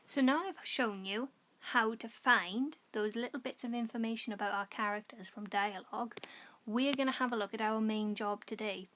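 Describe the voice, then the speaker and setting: A woman primary school teacher giving a recorded home-learning lesson, explaining patiently and clearly to children. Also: fairly high pitch, moderate pace, fairly bright tone.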